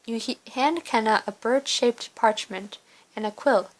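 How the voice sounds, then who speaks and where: A woman reading a game story's narration aloud, casual and unpolished, with the odd slip. Her voice sits a little high. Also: measured pace, poor audio. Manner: plain, casual reading with slips. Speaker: player reading an interactive story.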